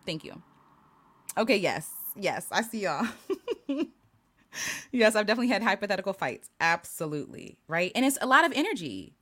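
A woman hosting a casual live stream, her voice climbing and dipping with lively pitch as she thinks aloud. She laughs easily and restarts her sentences often, in a warmly chatty, reflective way. She reads out viewer comments as she goes. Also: normal speed, pauses often. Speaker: livestream host.

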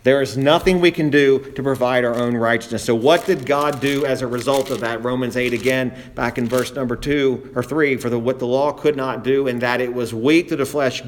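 Male preacher, verse-by-verse sermon; emphatic, slows for stress, quotes old-style scripture. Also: medium pitch. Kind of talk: expository sermon.

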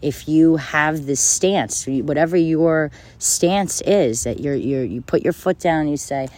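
Mellow-voiced self-help speaker, casual pep talk, swears a lot, keeps repeating stuff. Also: mid-range voice, slow, hardly any pauses. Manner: blunt, profane and repetitive, with bursts of laughter. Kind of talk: casual motivational monologue.

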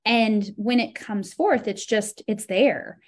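Animated woman guest telling her story. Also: takes it slowly. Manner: animated, swinging pitch when recounting feelings. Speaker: podcast guest. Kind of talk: casual chat.

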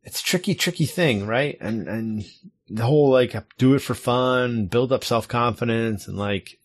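A middle-aged man chatting casually as an assistant youth soccer coach, talking in halting bursts with many restarts. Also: medium pitch, no room sound. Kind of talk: casual chat.

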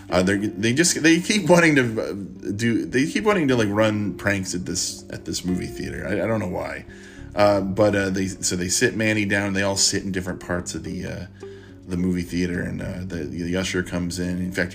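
Rambling low-voiced man. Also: creaky. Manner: rambling, halting, many restarts and fillers. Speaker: podcast host. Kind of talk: casual book recommendation.

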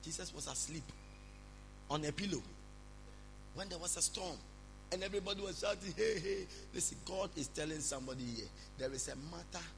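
A man preaching a sermon, speaking calmly and reassuringly to his congregation. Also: on the high side, brisk, gravelly, background noise. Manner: preaching, shifts from loud prayer to calm counsel. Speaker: pastor.

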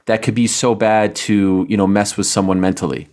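A man's voice: fairly low pitch, flat delivery, normal speed, a little mellow. A man hosting an interview, asking questions hesitantly and restarting them as he goes. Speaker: podcast host.

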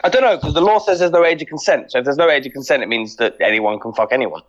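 A man's voice: medium pitch, very fast, highs cut off. A young man, chatting casually and jokily among friends in a slangy, argumentative way.

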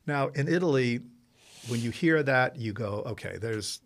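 A man hosting a casual chat, telling long, animated anecdotes full of restarts and asides. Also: mid-range voice, normal speed. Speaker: host.

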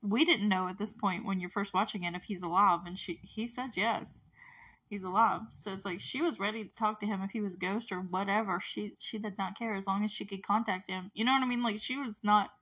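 A woman's voice: mid-range voice, fairly even intonation, a little fast, fairly bright tone. A woman giving a casual, chatty recap of a TV episode, gushing and rambling with fillers and frequent laughter.

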